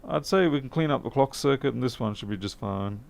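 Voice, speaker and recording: In his workshop, an electronics repair technician talks casually to camera while fixing a laptop, chatty, self-mocking, and muttering as he works. His mid-range voice is expressive, gravelly, and a little fast.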